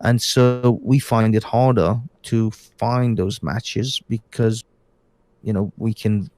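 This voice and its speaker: A man's voice: on the low side, steady tone, slow. Tired man in a rambling late-night chat. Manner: rambling, hesitant restarts. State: tired, yawning. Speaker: podcast guest.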